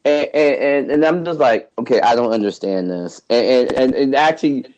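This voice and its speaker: A man's voice: medium pitch, normal speed, a little mellow, rough recording. A man hosting a casual podcast chat, rambling with many restarts and frequent laughter. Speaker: podcast host.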